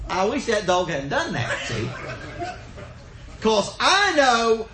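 A man's voice: high-pitched, wildly swooping pitch, slow, pushed and bright, echoey room, slight background noise, rough recording. An older man, preaching a sermon in a folksy storytelling way that builds to fervent emphasis.

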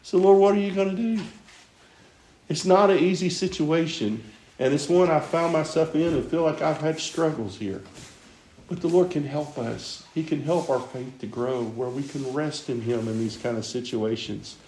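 A man's voice: fairly high pitch, normal speed, darkish tone. A man preaching a Bible teaching, earnest and musing, asking questions aloud. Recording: roomy echo with faint background noise.

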